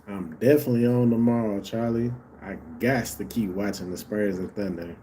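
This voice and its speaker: A man's voice: lowish voice, steady tone, moderate pace, mellow, a little hiss or hum. A man casually commenting on a live basketball game for his stream viewers, laid-back and slangy, talking straight to them.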